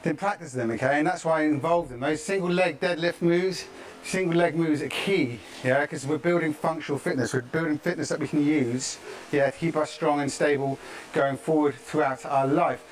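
Man, fitness coach, slightly raised pitch, encouraging, chatty, faint background hiss. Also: moderate pace. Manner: chatty, encouraging, peppers talk with "yeah?". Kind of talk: live-streamed workout coaching. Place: outdoors, in the tropics.

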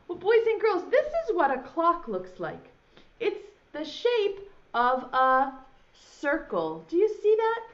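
High bouncy lady voice talking real slow to little kids, preschool teacher vibe, kinda muffled sound. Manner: slow, sing-song and animated, speaking to small children. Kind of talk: preschool lesson for young children.

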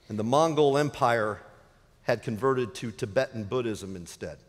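Lively high-voiced male preacher in a big hall. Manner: dynamic preaching, drops to a hushed low voice for emphasis. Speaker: pastor. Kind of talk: sermon. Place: church sanctuary. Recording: reverberant church sanctuary.

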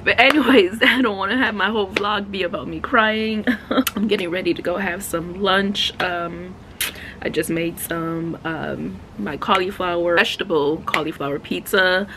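A woman's voice: mid-range voice, normal speed, crowd noise. A woman in her forties talking casually and emotionally to her viewers in a home vlog, often saying "y'all". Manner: emotional, talks straight to viewers with southern "y'all". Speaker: vlogger.

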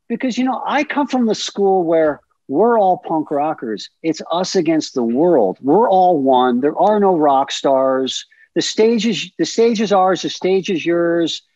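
A man in his fifties, a podcast guest, telling stories in a lively, profane way and acting out the scenes. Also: high-pitched, no echo, highs cut off. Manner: animated, profane, acts out scenes. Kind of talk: casual storytelling.

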